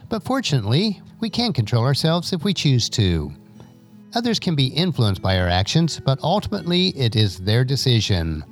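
An older man hosting a scripted advice podcast in a measured, preachy manner. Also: mid-range voice. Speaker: podcast host.

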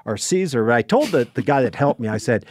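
A man's voice: medium pitch, expressive, fast, a little mellow. An older retired man, a podcast guest, telling a long story in a casual, rambling way, full of restarts and quoted dialogue.

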